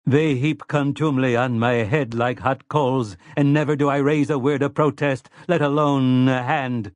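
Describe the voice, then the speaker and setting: A man's voice: mid-range voice, fairly even intonation, normal speed, no room sound, lightly acted. A man voicing a prissy, complacent male robot servant in an audiobook, talking in a silky, fussy, self-satisfied way. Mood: resentful. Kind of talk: audiobook character voice.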